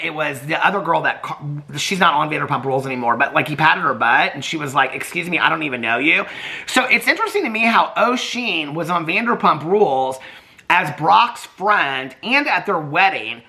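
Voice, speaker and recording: A man's voice: a little high, creaky, sharp tone. A man with a Southern accent, a YouTube host rambling through casual gossip commentary, trailing off and restarting often.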